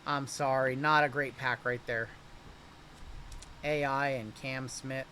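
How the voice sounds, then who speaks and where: A man's voice: medium pitch, fairly even intonation, sharp tone, slight background noise. A man hosting a live card-break stream, chatting casually as he opens packs and reacts to each pull. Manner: chatty, upbeat, and quick to react to pulls.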